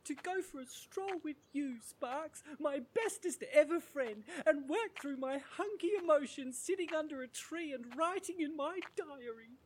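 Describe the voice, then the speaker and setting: A woman's voice: high voice, normal speed, few pauses, close to an everyday voice. A woman voicing a soppy, childlike, lovesick young man who gushes in baby talk, in a comedy sketch.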